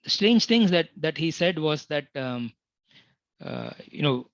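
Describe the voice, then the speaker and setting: A middle-aged man from India shares a memory in a loose, unscripted way, often restarting his sentences and leaning on fillers. His voice sits a little high for a man. The recording is dull and lo-fi, with no room echo. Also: animated, unhurried. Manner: rambling, many fillers and restarts. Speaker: devotee sharing a personal experience. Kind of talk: unscripted testimony talk.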